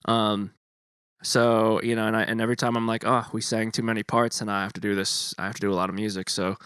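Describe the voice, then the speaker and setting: A man's voice: little pitch movement, fast talker, a bit bright, clear, resonant tone, no echo. Laid-back young guy, dry mic. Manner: laid-back, swearing, low-key. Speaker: podcast co-host. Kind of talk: casual chat.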